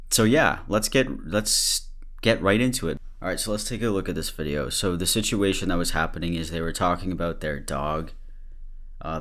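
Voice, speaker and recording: A man's voice: extremely low pitch, a bit bright. A man hosting a podcast, reacting candidly to a clip with laughter and blunt swearing. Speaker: podcast host. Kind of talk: casual commentary.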